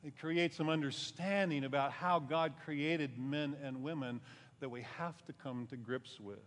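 A male pastor with a somewhat high voice delivers a conversational sermon. He lifts his voice for emphasis and then sinks low at the ends of thoughts. The sound carries a long hall reverb. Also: fairly even intonation, measured pace, a bit bright.

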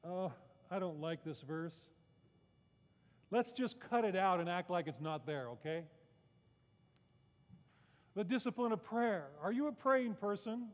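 A man with a high voice preaches in a church sanctuary, keeping it conversational with rhetorical questions and wry jokes at his own expense. The sound is somewhat muffled, and a long reverb trails behind him. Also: expressive, measured pace, pauses often. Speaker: pastor. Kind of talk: sermon.

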